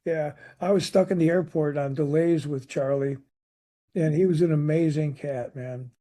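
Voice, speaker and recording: An older man from Chicago with a Chicago accent, a guest telling animated stories in a casual interview. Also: a little high, normal speed. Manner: animated anecdotes with restarts. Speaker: guest musician.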